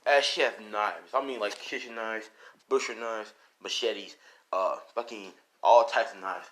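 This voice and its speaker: A man's voice: on the low side, fairly even intonation, unhurried, a bit bright. A young man casually retelling a fan story, rambling and swearing and laughing often.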